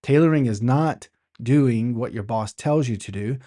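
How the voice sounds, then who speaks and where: With a mellow, medium-pitched voice at a slightly slow pace, a man runs an instructional podcast. He explains things conversationally, leans on rhetorical questions, and often starts his phrases again.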